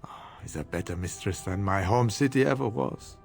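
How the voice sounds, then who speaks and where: A man's voice: lowish voice, moderate pace, vocal fry, a little mellow, soft background music. An actor playing a courteous, worldly male merchant in a video game who talks in a polite, formal and guarded way, with a foreign lilt. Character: courteous worldly male trader, smooth and evasive.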